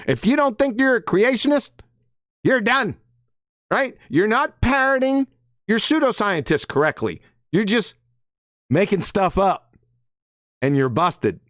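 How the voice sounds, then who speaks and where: Mocking and combative, a live-show host reads quotes on stream and hammers each one emphatically, often adding "right?". The voice sits mid-range and a bit bright, with clean studio sound and no room audible.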